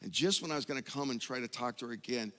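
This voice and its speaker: Emphatic pastor in a reverberant hall. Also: male voice, medium pitch, rapid-fire. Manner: storytelling, swings from hushed to loud and emphatic. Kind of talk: sermon. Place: large church hall.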